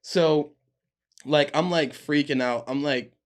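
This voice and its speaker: Animated young man telling a story. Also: a little high, slow. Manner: animated, laughing, voices friends in quotes. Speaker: podcast guest, actor. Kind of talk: casual storytelling chat.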